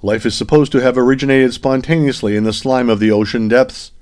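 A man reading the lines of an old male professor in a measured, lecturing way. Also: medium pitch, a little mellow, close to an everyday voice.

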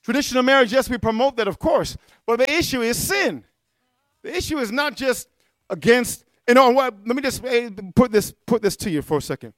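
Man, preacher, fiery sermon, keeps asking "amen?", shouts key words, smooth crisp voice. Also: extremely high pitch, expressive, fairly quick, no room sound.

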